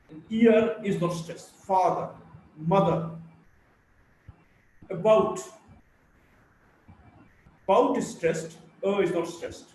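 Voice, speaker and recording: Slow, high-voiced man teaching in an echoey room. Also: a little mellow, distant mic, a little hiss or hum. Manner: slow, deliberate drilling of word lists. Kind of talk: live phonetics class.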